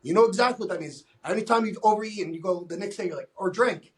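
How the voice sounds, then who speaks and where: A man's voice: sits high, quick pace, hardly any pauses. A man talking as a fitness coach in a casual podcast conversation. He is blunt and emphatic, swears freely, and acts out exchanges with his clients in quoted voices.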